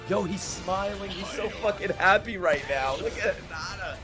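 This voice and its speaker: A young man reacting to an anime episode, excitable and profane, often shouting and laughing. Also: on the high side, measured pace, creaky, few pauses, music in the background. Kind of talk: live reaction commentary. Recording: anime audio playing loudly behind.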